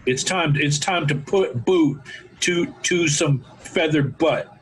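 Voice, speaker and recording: A man's voice: fairly high pitch, slow, husky, rough recording. A man hosting a talk show, ranting fervently and calling his listeners folks. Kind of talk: impassioned political talk.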